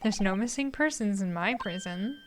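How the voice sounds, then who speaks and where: A woman playing a gruff burly prison governor with a lilt. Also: medium pitch, expressive, moderate pace, background noise, pitched below the performer's own voice, close to an everyday voice. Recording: game music behind voice.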